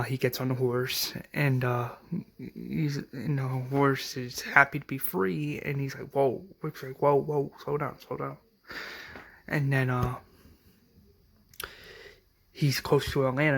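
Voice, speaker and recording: A man casually recapping a TV episode, in a mid-pitched voice that stays flat with little melody. He rambles, circles back and restarts his sentences. He leans on hesitations as he goes. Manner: rambling, heavy on fillers and restarts.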